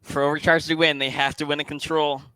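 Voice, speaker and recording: A man's voice: fairly high pitch, little pitch movement, fast, sharp tone, smooth, dry recording. A man co-commentating a live esports match, rambling and stammering with hype, his voice wearing out. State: losing his voice.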